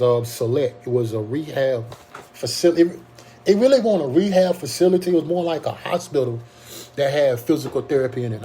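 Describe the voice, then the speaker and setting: A man's voice: medium pitch, dark tone, slight background noise. A young man tells his own story in a casual, earnest way, often stopping to restart his sentences. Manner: halting, earnest, frequent restarts and ums. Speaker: Covid survivor telling his story. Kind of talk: casual personal testimony.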